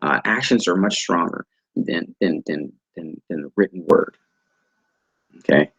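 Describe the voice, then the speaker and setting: Deep husky male instructor. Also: fairly bright tone, no room sound, lo-fi sound. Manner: halting, many repeated words and restarts. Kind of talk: online training lecture. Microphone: video call.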